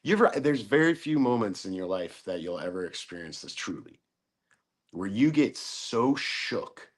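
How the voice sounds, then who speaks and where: Middle-aged man, low voice, podcast guest; profane, animated storyteller who acts out quotes. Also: normal speed. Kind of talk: casual storytelling chat.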